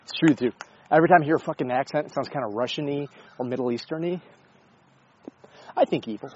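A man's voice: fairly high pitch, fast, darkish tone, lo-fi sound, a little hiss or hum. A man talking casually in a rambling, sarcastic way, with frequent swearing and self-interruptions. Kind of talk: casual opinion monologue.

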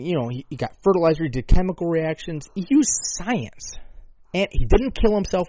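A man delivering a rambling, profane comedic rant at home, swinging between loud outbursts and low mutters. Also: dry recording. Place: at home with a dog. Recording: dull lo-fi dry sound.

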